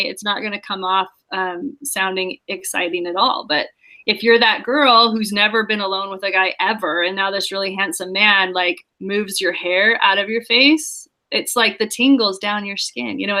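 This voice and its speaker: Bright, bubbly woman author. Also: mid-range voice, fairly even intonation, normal speed, rough recording. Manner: bubbly, enthusiastic, laughs often. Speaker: guest author. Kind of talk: casual chat.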